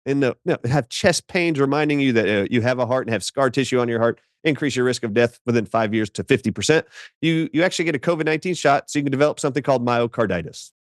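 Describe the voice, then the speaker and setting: A man's voice: mid-range voice, fast talker, no echo. Emphatic man, dry close sound. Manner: emphatic, animated storyteller. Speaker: doctor guest. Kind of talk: interview.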